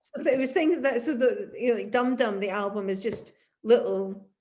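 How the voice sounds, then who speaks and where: A Glasgow-raised woman in her fifties speaks with a Scottish accent, recounting her past as a musician. She tells her stories in an animated way, breaking into laughter often. Her voice sits a little on the high side. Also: normal speed. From Glasgow, Scotland. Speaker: musician interviewee. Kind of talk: oral history interview.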